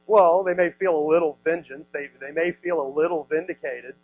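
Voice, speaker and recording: A man's voice: a little high, brisk, hardly any pauses, rough recording. A man in his thirties, a youth pastor, giving a playful sermon and acting out the people in the story. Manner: playful, acts out voices, many "like"s. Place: youth service room.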